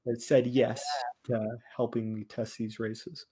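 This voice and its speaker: A man chatting casually with friends before a tabletop game, explaining a race he is designing, halting and restarting often. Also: mid-range voice, flat delivery, mellow, breathy edge. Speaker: player designing a homebrew race. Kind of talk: casual chat among friends.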